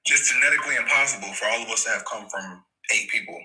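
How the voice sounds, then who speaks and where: A man's voice: medium pitch, fast talker, pushed and bright, soft background music, rough recording. A male caller in a debate who talks casually and a little hesitantly.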